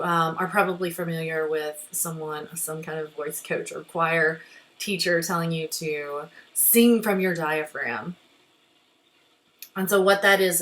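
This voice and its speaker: A woman therapist guiding a breathing exercise in a gentle, reassuring way, often checking in with listeners. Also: on the low side, poor audio. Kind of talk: guided therapy lesson.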